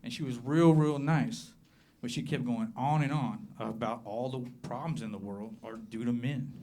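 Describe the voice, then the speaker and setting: A man from southern Appalachia with a Southern American accent, performing a stand-up comedy set and slowing his punchlines down to a deadpan. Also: medium pitch, a little hiss or hum. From southern Appalachia, USA. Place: comedy club with live audience.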